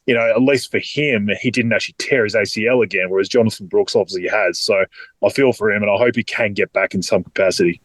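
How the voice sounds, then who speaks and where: A man's voice: fairly low pitch, fast talker, a bit bright, no room sound, low-quality recording. Australian male co-host, emphatic casual sports talker, dry recording. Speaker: podcast co-host.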